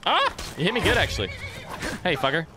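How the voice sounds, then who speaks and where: A man's voice: high-pitched, brisk, over music. A man giving casual gameplay commentary, swearing freely and talking back to the characters on screen. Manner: animated, swears often, talks to game characters. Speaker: let's play gamer.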